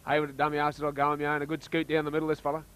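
An Australian man giving casual, chatty commentary on a local rugby league match, getting excited when play heats up. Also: fairly high pitch, rapid-fire, smooth, poor audio.

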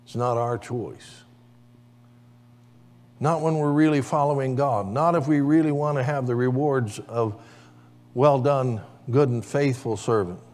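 A pastor with a mid-range, darkish voice preaches a sermon a little slowly, pausing often. Standing in a church sanctuary with long hall reverb, he calls for amens in call-and-response with the congregation.

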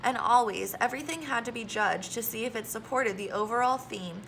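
Woman reading a kids novel out loud, steady, kinda raspy-gravelly, bright tone. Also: a little high, brisk, slight background noise, rough recording. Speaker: audiobook reader. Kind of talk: reading a children's novel aloud.

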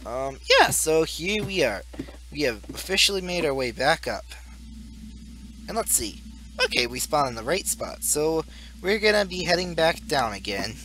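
Rambling, goofy young gaming commentator. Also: male voice, on the high side, pushed and bright, a little hiss or hum. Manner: rambling, goofy, laughs at his own jokes. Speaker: gaming YouTuber. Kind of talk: casual Let's Play commentary.

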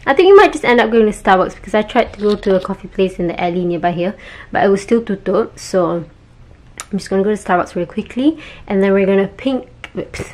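A chatty young woman from Malaysia talks straight to camera in a casual travel vlog. Her pitch sits in a middling range, and she keeps things upbeat with quick asides and little jokes. There is no special coloring to her voice. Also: animated, a little mellow. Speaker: travel vlogger.

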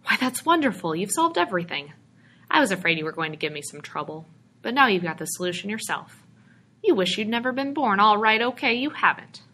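A woman's voice: on the low side, lively intonation, moderate pace, sharp tone, low-quality recording. A woman reading aloud, voicing a little middle-aged male stranger who is a patient, coaxing brush peddler. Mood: delighted.

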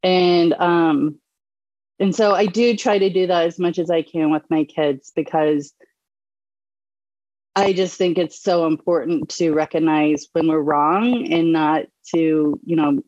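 A woman's voice: sits low, steady tone, unhurried, darkish tone, no echo, highs cut off. A woman in her thirties, a podcast host and mother, talking casually with lots of fillers and restarts. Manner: chatty, many fillers and restarts. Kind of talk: casual conversation.

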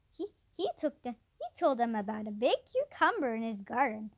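A woman with a high, lively voice reads a children's chapter book aloud. Her pitch rises and falls a lot, and she trips over a word now and then before going on. The pace stays plain and unhurried. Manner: plain read-aloud with small stumbles and restarts. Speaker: storybook reader.

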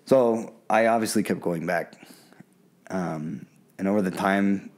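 Deep-voiced man telling a candid story. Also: a little slow, darkish tone. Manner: candid, earnest, acts out quoted voices. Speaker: podcast guest, plant medicine guide. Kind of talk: casual storytelling in an interview.

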